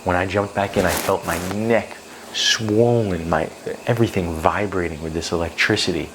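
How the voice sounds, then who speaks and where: A man's voice: low voice, moderate pace, a bit bright, slight background noise. A man on a vlog telling a personal story in an intense, rambling way, swearing freely as he goes. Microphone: close to camera.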